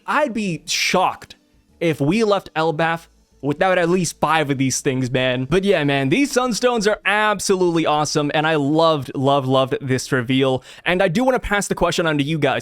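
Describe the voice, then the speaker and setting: Excitable high-voiced young male commentator. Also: no room sound. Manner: excitable, chatty, asks viewers questions. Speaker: anime and manga commentator. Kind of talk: casual chapter breakdown.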